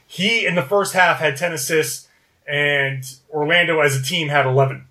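A man's voice: a little high, moderate pace, sharp tone. A man co-hosting a casual sports podcast, running through stats and correcting himself as he goes. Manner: reads off stats, self-correcting. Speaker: podcast co-host.

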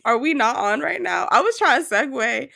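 A young woman co-hosting a casual podcast, hoarse from a cold, swearing and joking freely. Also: high-pitched, big pitch swings, normal speed, pushed and bright, dry recording. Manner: profane, joking, laughs often. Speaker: podcast co-host.

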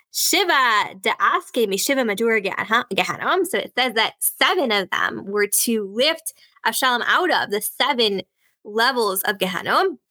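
A woman's voice: a little high, pushed and bright, no room sound. A woman teaching a religious study lesson, walking through verses step by step, translating them and checking in with "right?". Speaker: Talmud teacher. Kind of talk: text-based study lesson.

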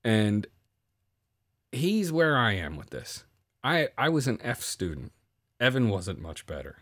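A man's voice: medium pitch, very animated, unhurried, a bit bright, no echo, studio quality. A man co-hosting a podcast in casual chat, ranting sarcastically and swearing a lot. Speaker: podcast co-host.

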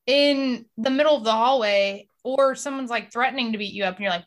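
A woman's voice: fairly high pitch, brisk. A woman co-hosting a casual podcast chat, talking in long rambling turns and acting out quotes in her stories. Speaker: podcast co-host.

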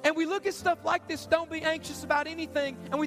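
A pastor giving an urgent, repetitive altar call in a church sermon. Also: male voice, extremely high pitch, level tone, quick pace, music in the background. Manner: urgent, repetitive, pleading preaching. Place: church stage.

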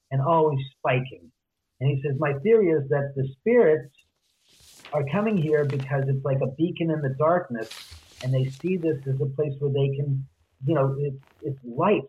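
A man tells his story over a thin, tinny phone line, his voice sitting a little high for a man. He acts out each exchange, switching between his own lines and the other person's. He is a guest author being interviewed. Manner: retells conversations, acting out both sides.

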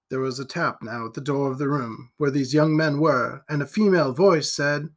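A man reading a gothic novel aloud in steady, even storytelling narration. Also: mid-range voice, moderate pace. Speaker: audiobook reader.

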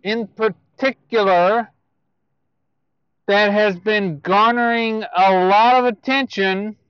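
A man giving casual movie news to viewers, speaking in a halting way with self-corrections and asides. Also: high-pitched, fairly even intonation, clear, resonant tone, no room sound, dull audio.

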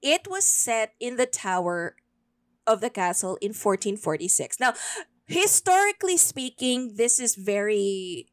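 A woman's voice: mid-range voice, expressive, a little slow, dry recording. A woman hosting a podcast, telling a folklore story in casual chat and switching into Tagalog mid-sentence. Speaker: podcast host.

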